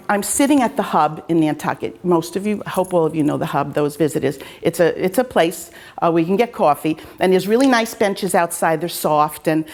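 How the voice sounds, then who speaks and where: A woman host, a fencing coach, telling casual anecdotes in a chatty, self-deprecating way. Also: medium pitch.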